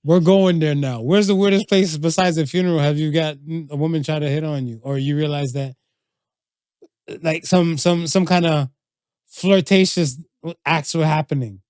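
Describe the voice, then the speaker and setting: A man's voice: on the high side, normal speed, a little mellow, clean tone, no room sound, studio quality. A man co-hosting a podcast in casual chat, blunt and teasing, laughing a lot. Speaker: podcast co-host.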